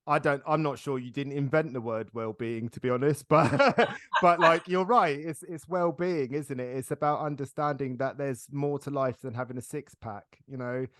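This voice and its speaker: A middle-aged man hosting a casual interview podcast, chatty and quick to laugh as he tells stories. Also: medium pitch, fairly even intonation, dry recording, studio quality. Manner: chatty, laughs often, storytelling. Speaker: podcast host.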